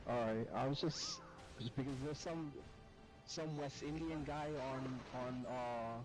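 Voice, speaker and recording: A man's voice: mid-range voice, slow, over music, low-quality recording. A man in casual game voice chat, talking in a defensive, profane way.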